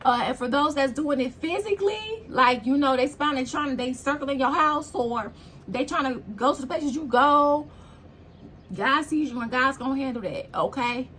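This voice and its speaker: Blunt high-voiced woman tarot reader. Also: moderate pace, fairly bright tone, slight background noise. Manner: blunt, preachy, swears freely. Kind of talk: casual spiritual tarot reading.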